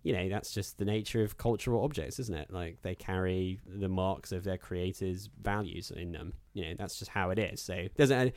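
A man's voice: sits low, normal speed, hardly any pauses, a little mellow, no room sound. A man co-hosting a podcast, talking through films in a rambling, wry way with lots of fillers. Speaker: podcast co-host. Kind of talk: casual film discussion.

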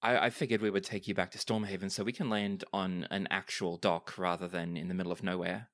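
A man's voice: sits low, little pitch movement, a little fast, a bit bright, no echo, studio quality. A man narrating as game master of a tabletop game, easygoing, with plenty of fillers.

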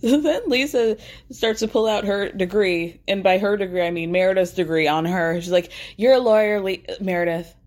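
A woman's voice: mid-range voice, moderate pace. Woman host for a casual recap chat. Wry and talky, full of "like" and side comments. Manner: chatty and wry, lots of "like" and asides. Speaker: podcast host recapping a TV episode.

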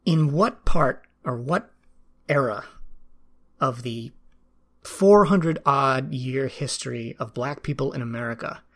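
A man's voice: medium pitch, a bit bright. Earnest reflective man, thinking aloud. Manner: earnest, self-questioning, with pauses and restarts. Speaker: teacher. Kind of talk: reflective personal talk.

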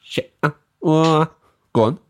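A man's voice: a little high, slow, clean tone, no room sound. A young English man hosting a podcast, rambling and teasing in silly casual banter. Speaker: podcast host.

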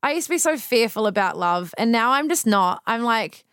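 A woman around thirty, hosting a podcast in candid, animated casual chat full of fillers and swearing. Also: on the high side, normal speed, clean tone, dry recording, clean studio sound. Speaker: podcast host.

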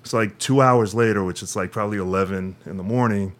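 A middle-aged man from Long Island, a podcast guest telling an animated anecdote, casually swearing and acting out the people in his story. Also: lowish voice, fast. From Long Island, New York.

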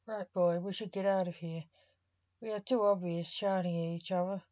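A woman's voice: fairly low pitch, fairly even intonation, normal speed, warm tone, dry recording, highs cut off, natural voice. A woman voicing a weary young man who gives stern orders.

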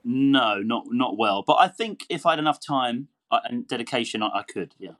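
A man's voice: mid-range voice, lively intonation, normal speed, a bit bright. A man talking as a podcast guest, telling stories animatedly and laughing easily. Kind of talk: casual interview chat.

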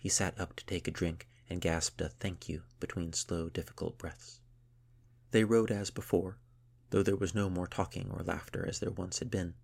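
A man narrating a storybook in a slow, measured, soft reading voice. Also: low-pitched, fairly even intonation, creaky, breathy edge.

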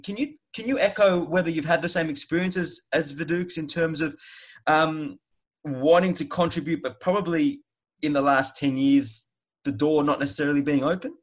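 A man's voice: fairly high pitch, fairly even intonation, normal speed, low-quality recording. Chatty male podcast host. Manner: chatty, rambling questions with restarts. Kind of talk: conversational interview.

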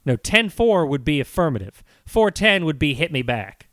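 A male podcast co-host jokes and teases his partner in casual chat. His fairly high voice swings widely in pitch. The recording is dry and close. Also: big pitch swings, normal speed, a bit bright, no room sound. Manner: jokey, teasing.

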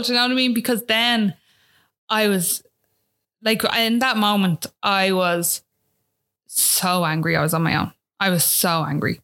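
A woman's voice: medium pitch, a bit bright. An Irish woman speaking as a guest, telling a personal story in a chatty, casual way that is full of fillers. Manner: chatty, fills talk with "like" and "do you know what I mean".

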